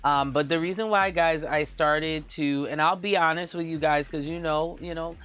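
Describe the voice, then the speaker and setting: A man hosting his own live-stream show, chatting casually with a husky, raspy voice that is hoarse from a flu, rambling with many fillers and frequent laughs. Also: a little high, steady tone, moderate pace, a bit bright. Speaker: VTuber show host.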